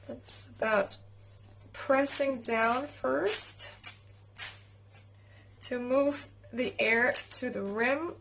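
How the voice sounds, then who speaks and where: German woman home cook vlogging in her kitchen, kinda high voice, excitable and chatty. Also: drawn-out words, vocal fry, pauses often, slight background noise, low-quality recording. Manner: chatty and excitable, talks to viewers while cooking. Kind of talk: casual cooking vlog.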